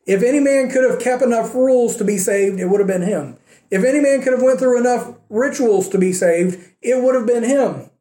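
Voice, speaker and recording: A man's voice: very high voice, brisk, warm tone. A man preaching a sermon as a pastor, earnest and full of rhetorical questions and repeated phrases. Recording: roomy echo.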